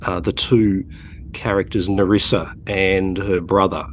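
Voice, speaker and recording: An Australian man in his forties talks over a podcast in a fairly low voice. He chats casually and tells stories with dry, blunt asides. A faint hiss of room ambience sits underneath him. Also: little pitch movement, unhurried. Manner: wry, chatty storyteller with blunt asides. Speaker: podcast co-host.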